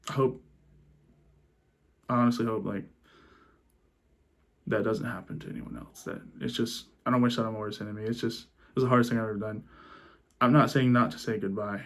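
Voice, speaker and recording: A young man telling a personal story in a subdued, halting way, restarting his sentences and choking up at moments. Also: fairly low pitch. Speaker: vlogger.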